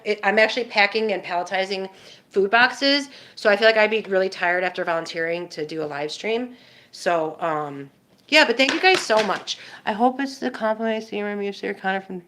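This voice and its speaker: A woman's voice: medium pitch, a bit bright. Emotional woman chatting to her stream. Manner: emotional, heartfelt, rambling with many fillers. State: nasal infection. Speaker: live streamer. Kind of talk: casual livestream chat to viewers.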